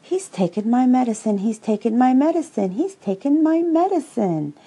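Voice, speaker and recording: A woman's voice: mid-range voice, flat delivery, drawn-out words, dark tone, husky, pitched above the performer's own voice. A woman voicing a small, playful baby kangaroo boy in a sing-song way while reading a storybook aloud.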